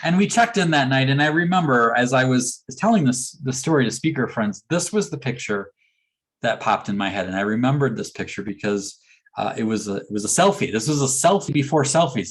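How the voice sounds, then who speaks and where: A man's voice: mid-range voice, a little fast, breathy edge. A man giving a motivational keynote talk, telling a story and acting out the dialogue. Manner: animated storyteller who acts out dialogue. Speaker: motivational speaker.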